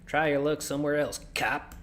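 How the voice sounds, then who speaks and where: A man's voice: on the high side, fairly even intonation, moderate pace, a bit bright, a little hiss or hum, voice pushed up, natural voice. Man putting on a surly country drawl. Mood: dismissive. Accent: country accent, put on. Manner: gruff, curt, drawling. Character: surly rural man hostile to police.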